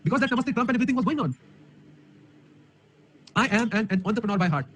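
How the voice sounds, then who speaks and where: Fast, high-voiced Indian English man. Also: a little hiss or hum. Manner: energetic, emphatic, rhetorical questions. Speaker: online coding teacher. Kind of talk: live-stream talk to an audience. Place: room alone. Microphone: camera mic.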